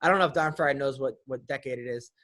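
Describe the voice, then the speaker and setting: A man's voice: mid-range voice, fast, bright, forceful tone. A man hosting a podcast, telling rambling comic stories in casual chat, swearing freely and restarting his sentences. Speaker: podcast host.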